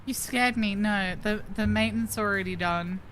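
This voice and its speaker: A young woman streaming a visual novel, giggly, excitable and swearing freely as she reacts. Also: mid-range voice, normal speed, soft background music. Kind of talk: let's-play commentary.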